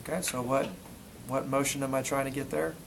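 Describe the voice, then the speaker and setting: A man's voice: medium pitch, little pitch movement, brisk, vocal fry, slight background noise, low-quality recording. A male instructor teaching a classroom lesson, quizzing students as he demonstrates muscle testing on a volunteer. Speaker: physical therapy instructor.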